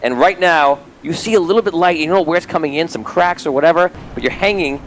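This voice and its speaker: A man narrates a tabletop game as its game master, his voice sitting fairly high. He breaks into laughter often as he tells the players what happens to them. A faint hiss of noise sits under the recording. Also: quick pace, rough recording.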